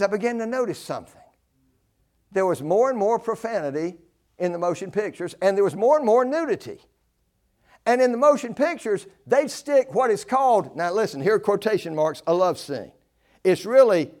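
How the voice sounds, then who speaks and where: An older man preaching a sermon, emphatic, repeating key phrases and swinging between loud declarations and hushed asides. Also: high voice.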